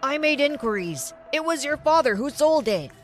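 An angry pawn shop man shouts his accusations, as a woman narrator puts him on. The voice stays high and light, with faint music beneath the story. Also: expressive, moderate pace. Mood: accusing. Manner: loud, accusing.

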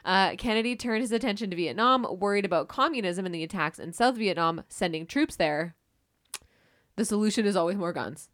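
A woman co-hosting a casual history chat, reacting with excited, jokey disbelief and the odd swear word. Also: medium pitch, brisk. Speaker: podcast co-host.

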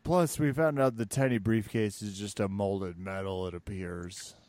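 A man's voice: fairly low pitch, fairly even intonation, normal speed, a little mellow, no room sound. Male podcast co-host, wry and dry, close recording. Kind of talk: casual chat.

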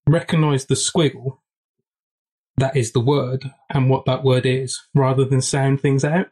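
A man's voice: mid-range voice, a little mellow, low-quality recording. A man co-hosting a podcast, telling stories in an eager, rambling way. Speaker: podcast co-host. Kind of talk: casual chat.

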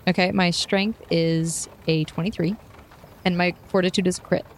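Playing a tabletop role-playing game, a young woman narrates her character and speaks in her voice, her pitch swinging in a lively, animated way. She talks at a moderate pace over slight background noise.

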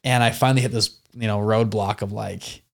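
A young adult man, an entrepreneur guest in an interview, telling stories in a slangy, animated way with many fillers. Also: lowish voice, fast. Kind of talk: casual interview storytelling.

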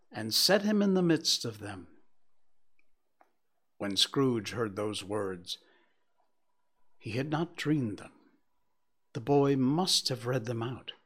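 Slow, measured male storyteller. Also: mid-range voice, husky. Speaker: narrator. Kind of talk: storybook reading aloud.

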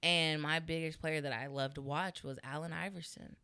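A woman's voice: low voice, steady tone, normal speed, bright, forceful tone, clear, resonant tone, dry recording. A young woman in her twenties, a stand-up comedian, telling a story in a casual interview, laughing often and saying "like" a lot. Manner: laughs often, lots of "like" fillers.

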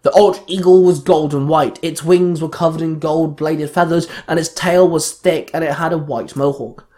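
Man, fan fiction narration, steady reading, voice a touch high. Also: moderate pace. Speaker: storyteller.

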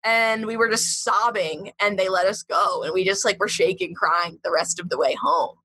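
Bright, breathy-voiced woman telling a story. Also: mid-range voice, normal speed, no echo. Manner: chatty, heavy with "like" and "um"; animated retelling. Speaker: podcast guest. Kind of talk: casual storytelling.

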